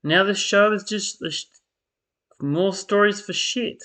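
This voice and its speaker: This speaker, perhaps a man, comments on a soap opera in a high, pushed, bright voice at a measured pace. The commentary is a weary, exasperated rant, sprinkled with mocking imitations of characters.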